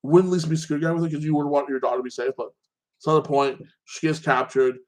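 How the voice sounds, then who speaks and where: A man's voice: fairly high pitch, steady tone, racing, a little mellow. A man casually recapping a TV episode, rambling and opinionated, filling his talk with "like that" and restarting sentences. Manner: opinionated, ranting about plot holes. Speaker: host.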